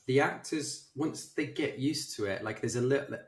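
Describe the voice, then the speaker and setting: A film director, a man, telling anecdotes in an animated, self-deprecating way as an interview guest. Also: medium pitch, normal speed, far from the mic. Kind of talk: casual interview storytelling. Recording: roomy echo.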